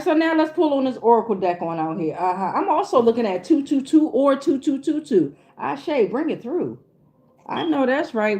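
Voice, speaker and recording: A woman's voice: fairly high pitch, a little mellow. A woman casually reading oracle cards for her viewers, rambling, swearing freely and laughing often. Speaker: tarot reader. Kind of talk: casual tarot reading vlog.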